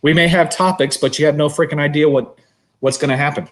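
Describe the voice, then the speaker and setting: A man co-hosting a podcast, telling a long story in casual, animated chat and swearing freely. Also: on the high side, fast, a little hiss or hum. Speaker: podcast co-host.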